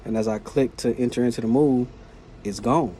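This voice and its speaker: Male vlogger, mellow timbre, casual animated storyteller, faint background noise. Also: medium pitch, moderate pace. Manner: animated, slangy retelling of a work conflict.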